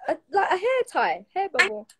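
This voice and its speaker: A woman's voice: very high-pitched, huge pitch swings, normal speed, background noise. A woman hosting a casual interview chat on a livestream, friendly and asking follow-up questions. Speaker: host.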